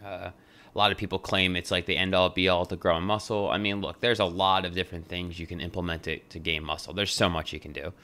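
Low-voiced young man hosting a podcast. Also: flat delivery, a little fast, sharp tone. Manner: loose and jokey, swears freely. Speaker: podcast host. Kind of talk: casual podcast monologue.

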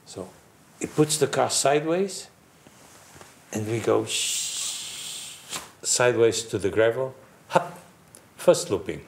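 An older man telling a racing story to friends on a panel, acting out voices and crash noises and laughing often. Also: on the low side. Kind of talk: casual anecdote among friends. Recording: roomy echo with faint background hiss.

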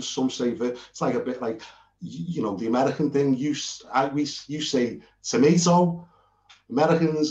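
A man's voice: medium pitch, a little mellow. Earnest rambling British man teaching. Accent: British English. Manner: earnest, rambling, frequent restarts. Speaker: Bible teacher. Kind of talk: informal lecture while sharing notes on screen. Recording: roomy and dull lo-fi.

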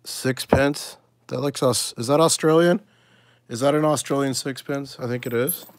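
A man hosting a casual coin-collecting video, chatting to his viewers and thinking aloud as he sorts, with excited little exclamations. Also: mid-range voice, normal speed, dry recording. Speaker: coin collecting channel host. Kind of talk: casual live coin sorting chat.

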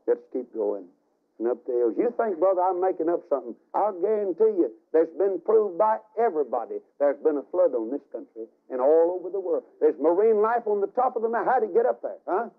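Fiery preacher on a tinny old broadcast. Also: male voice, high voice, lively intonation, brisk, hardly any pauses. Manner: dramatic storytelling with sudden shouts and hushed asides. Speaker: evangelist. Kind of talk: fiery revival sermon. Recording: tinny archival radio broadcast.

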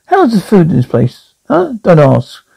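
A brash male ventriloquist comic rattles off insulting gags at his crowd, as a man acts him out. His pitch jumps about with a gravelly rasp underneath. The sound stays dark rather than bright, and his manner stays needling. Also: huge pitch swings, measured pace, exaggerated voice. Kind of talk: horror radio-play reading.

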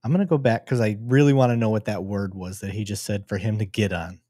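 A man's voice: on the low side, fast, dark tone, dry recording, studio quality. A man hosting a live stream and commenting casually on video footage, joking and swearing freely. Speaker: host.

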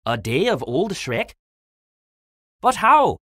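A woman's voice: on the low side, very animated, slow, fairly bright tone, dry recording, clean studio sound, pitched above the performer's own voice, full character voice. A woman voicing a weary male ogre in a storybook, speaking his lines with raised emphasis.

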